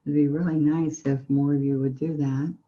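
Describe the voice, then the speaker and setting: A woman with a Southern US accent, a painting instructor giving a relaxed painting tutorial, gently and encouragingly talking through each brushstroke. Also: low voice, normal speed, dull audio.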